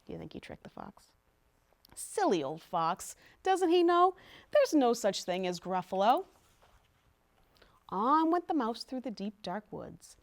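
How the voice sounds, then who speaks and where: A woman's voice: on the high side, measured pace, vocal fry, pauses often. A woman reading picture books aloud at a storytime, chatting to the children between pages. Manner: animated, chatty asides to kids. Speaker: storytime reader.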